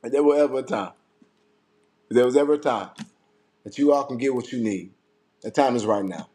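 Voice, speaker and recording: A political commentator launches into an angry rant, swearing heavily and repeating lines to hammer his points home. His medium-pitched voice is brisk and warm-toned.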